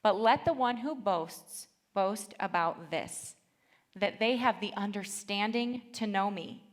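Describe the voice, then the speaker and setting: A woman in her thirties preaching a sermon, reading scripture aloud with earnest feeling and telling lively stories from her family. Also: medium pitch. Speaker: church speaker.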